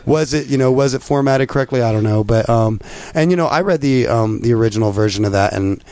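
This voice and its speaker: A man hosting a casual chat, reassuring his guest in a halting way with many fillers. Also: medium pitch, a little mellow.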